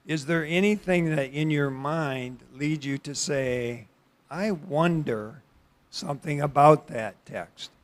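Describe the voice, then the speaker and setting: A middle-aged man leads a church Bible study in a casual, questioning way. His voice sits a little high for a man, and he often restarts his sentences. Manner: conversational, questioning, with halting restarts. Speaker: pastor leading a Bible study. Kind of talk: interactive church sermon.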